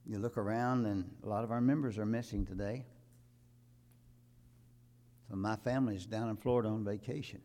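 An older man preaching a sermon to his congregation, building from calm talk to loud emphatic peaks and quoting scripture. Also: lowish voice, a little fast, pauses often. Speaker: pastor.

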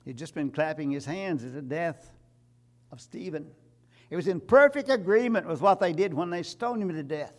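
A man preaching a sermon, emphatic, building to loud repeated climaxes. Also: on the high side, animated, moderate pace.

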